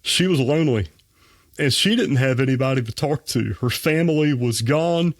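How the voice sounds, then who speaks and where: A man with a drawl tells a story in a folksy, earnest way, speaking at a mid pitch into a close mic. The sound is dry, with no room around it. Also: moderate pace, dry recording. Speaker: dentist, podcast guest. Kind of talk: personal anecdote in a podcast interview.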